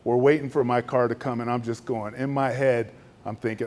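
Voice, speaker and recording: Man, middle-aged, speech, animated storytelling, mid pitch. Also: brisk, a little hiss or hum. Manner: animated storytelling, acts out other voices with raised pitch. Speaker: Air Force general giving a luncheon speech.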